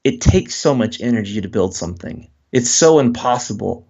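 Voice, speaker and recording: A man's voice: fairly low pitch, moderate pace, dull audio. A man, a guest author, speaking in a casual interview and acting out quoted voices as he talks. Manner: animated, acts out quoted voices.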